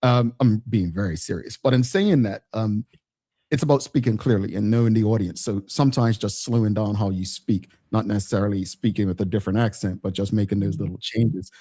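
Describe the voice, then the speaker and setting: A man's voice: fairly low pitch, brisk, dark tone, slightly rough, no echo. Bermudian man hosting, dry sound. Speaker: talk show host. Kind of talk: casual interview conversation.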